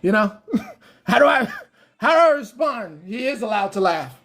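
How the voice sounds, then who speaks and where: A woman's voice: mid-range voice, sing-song, moderate pace, fairly bright tone. A woman hosting a livestream, ranting at her chat and trolls in a casual, profane way and laughing often. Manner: profane, laughing, talks straight back to trolls. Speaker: livestream host.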